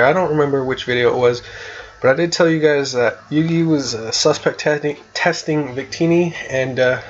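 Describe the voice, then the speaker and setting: A man chatting casually on his gaming channel in a laid-back way, filling his talk with little laughs and pauses while he has the hiccups. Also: mid-range voice, dull audio. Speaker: gaming YouTuber. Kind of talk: casual commentary on competitive play.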